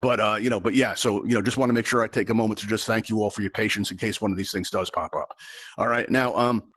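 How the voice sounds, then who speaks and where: A man's voice: fairly low pitch, steady tone, fast talker, a bit bright, slightly rough. A man hosting a live virtual game show, talking straight to his audience in a chatty, rambling showman manner.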